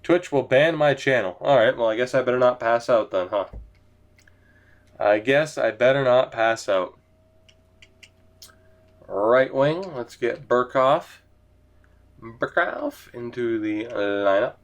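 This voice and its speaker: A man's voice: mid-range voice, takes it slowly, pauses often. A man giving casual let's-play commentary on a hockey game, sleepy and yawning, rambling and swearing casually from his chair at home. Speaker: gaming commentator. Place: home gaming setup, in a chair.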